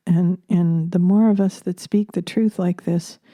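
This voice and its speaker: Slow, dark-voiced woman musing softly. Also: fairly low pitch, steady tone, dry recording, studio quality. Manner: soft-spoken, drifting into whispers, hesitant fillers. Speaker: spiritual channeler and podcaster. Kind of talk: slow reflective spiritual monologue. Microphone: close microphone.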